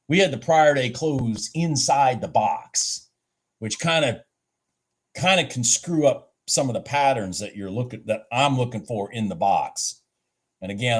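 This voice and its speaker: A man at his trading desk talking through a live stream, excitable and quick to restart his sentences. His pitch sits in an ordinary middle range for a man, and he sounds a little out of breath. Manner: excitable, thinks aloud with many restarts. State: a bit out of breath. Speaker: livestream day trader. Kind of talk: casual live trading commentary.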